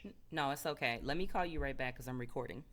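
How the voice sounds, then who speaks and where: Low-voiced chatty woman storyteller. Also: quick pace, fairly bright tone, slight background noise. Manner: loose, filler-heavy, chatty. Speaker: spiritual speaker. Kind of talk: casual storytelling talk.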